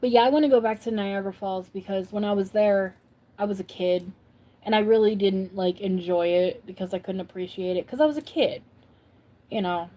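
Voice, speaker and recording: A woman's voice: medium pitch, brisk, dark tone. A woman from upstate New York hosting a casual livestream, chatting and answering viewers' comments as she goes. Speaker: livestream host.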